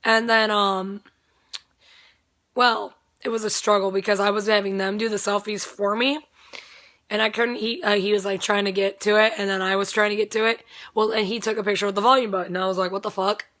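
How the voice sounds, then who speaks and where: A woman's voice: mid-range voice, flat delivery, a little fast, fairly bright tone. A young woman with a strained voice, casually telling a rambling story, swearing freely and laughing often. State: voice strained, not at full strength.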